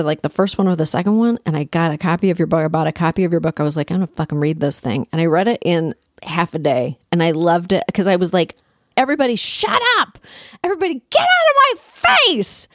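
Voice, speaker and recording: Woman, 30s, from Canada; animated, giggly host, low voice, dry close recording. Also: quick pace, hardly any pauses, no echo. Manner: animated, laughing, profane. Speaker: talk show host. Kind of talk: casual chat.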